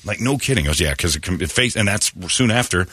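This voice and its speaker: A man hosting a morning radio show, telling stories in casual banter and slipping into quick impressions. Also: on the low side. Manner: storytelling, animated, slips into impressions.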